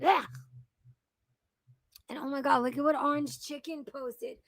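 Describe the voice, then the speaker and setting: A young woman with a high voice rants through reaction commentary, swearing freely, exasperated and mocking. She takes her time, leaning on her words slowly. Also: fairly even intonation, dry recording. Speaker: commentary channel host.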